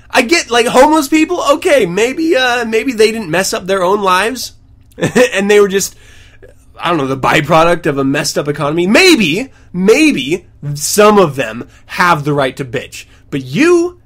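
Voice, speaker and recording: A man's voice: high-pitched, sing-song, normal speed, a bit bright. A man hosting a podcast at home, reading news stories aloud and breaking off into sarcastic, ranting asides. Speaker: podcast host.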